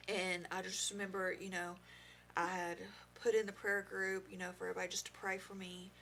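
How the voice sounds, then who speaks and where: A young woman guest on a podcast shares a painful personal story in a halting, heartfelt way, leaning on fillers as she goes. Her voice sits in an ordinary middle pitch with a noticeable gravelly fry. A faint hiss lies under the studio recording. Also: little pitch movement, a bit bright. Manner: halting, heartfelt, full of "you know" fillers. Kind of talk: emotional personal testimony.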